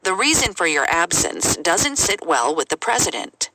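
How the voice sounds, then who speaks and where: A woman reading English example sentences aloud in a clear, measured way for a language lesson. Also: lowish voice, sing-song, bright, forceful tone, no room sound. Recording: noisy recording.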